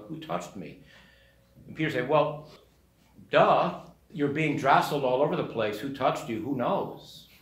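A man, a parish priest, giving a sermon in a conversational storytelling manner and briefly acting out the voices in the story. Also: medium pitch. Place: church. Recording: echoey church room.

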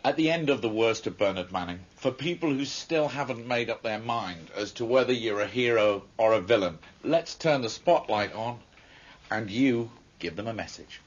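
A man's voice: medium pitch, lively intonation, moderate pace. A man interviewing a comedian, asking leading questions. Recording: muffled lo-fi.

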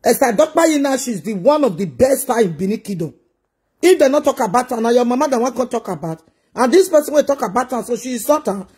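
A woman's voice: fairly high pitch, animated, fast, a little mellow, breathy edge. A woman with a Nigerian accent ranting bluntly in a casual vlog, scolding commenters in heavy pidgin.

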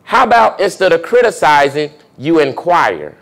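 Pastor preaching in a conversational tone. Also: male voice, fairly high pitch, very animated, moderate pace, vocal fry, a bit bright. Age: young adult. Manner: conversational preaching, asks the congregation questions. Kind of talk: sermon teaching.

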